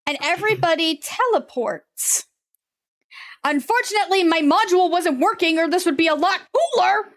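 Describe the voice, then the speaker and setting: A woman with a high voice narrates a tabletop game as game master. She talks in a chatty way and drops in quick asides to the players. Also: lively intonation.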